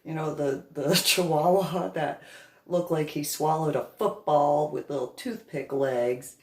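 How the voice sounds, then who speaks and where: A woman's voice: sits low, fairly even intonation, a little slow, reverberant. A woman telling a comic family story, laughing often as she goes. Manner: laughs through her telling. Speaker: comedic storyteller. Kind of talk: comedic personal anecdote.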